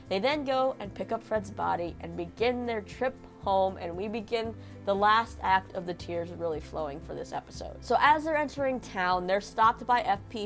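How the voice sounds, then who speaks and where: A woman hosting a casual TV episode recap, chatty and emotional, with many fillers and restarts. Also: mid-range voice. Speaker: show recap host.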